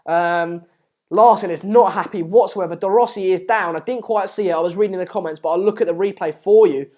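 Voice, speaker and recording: A man's voice: high voice, a little fast, a little mellow. Chatty man hosting a match stream. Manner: chatty, reads out viewer comments. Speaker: live stream host. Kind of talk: casual live match commentary.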